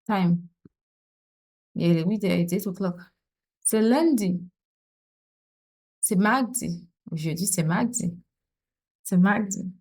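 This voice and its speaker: A woman's voice: mid-range voice, takes it slowly, pauses often, a little mellow. A woman teaching an online French lesson, patiently explaining and repeating example sentences, with some fillers and restarts. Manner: fillers and restarts when thinking.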